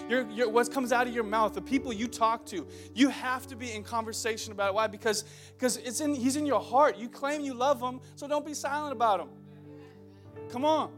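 A young male pastor in his twenties gives a lively, loud sermon, cracking jokes and calling out to the congregation. His voice sits high. A faint guitar plays behind him in the church. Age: 20s. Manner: loud, joking, calls out to the crowd. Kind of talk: energetic sermon. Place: church hall.

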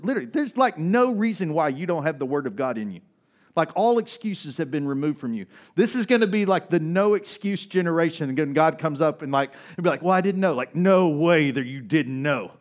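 A man preaching a sermon as pastor, in a conversational style with frequent "right?" asides, moving between loud, raised passages and quiet, low stretches. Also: expressive, brisk.

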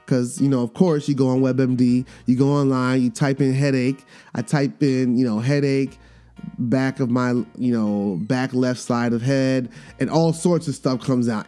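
Podcast host, man, 30s, mid-pitched and mellow, animated storyteller who acts out the quotes, soft guitar bed behind. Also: normal speed. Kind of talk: casual storytelling monologue. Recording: faint guitar music underneath.

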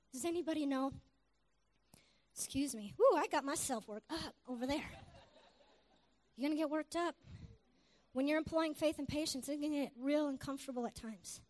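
High-voiced woman preaching exuberantly. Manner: exuberant, shouting hallelujahs. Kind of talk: sermon. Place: church before a congregation.

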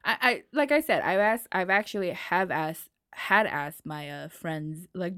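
A woman's voice: lowish voice, a little slow, few pauses, fairly bright tone, smooth, no room sound, studio quality. A woman with an American accent, co-hosting a casual podcast chat and playfully imitating accents. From United States. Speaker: podcast co-host.

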